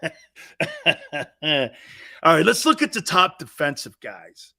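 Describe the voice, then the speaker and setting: Sports talk host guy, kinda high voice, animated storyteller, goes quiet then loud, blunt swagger. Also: takes it slowly, gravelly. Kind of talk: live sports talk radio chat.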